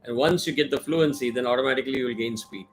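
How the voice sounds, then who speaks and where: A man's voice: medium pitch, fast talker, slight background noise, poor audio. A man teaching a mantra in an online class, with careful pronunciation drills and many fillers. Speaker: Vedic chanting teacher.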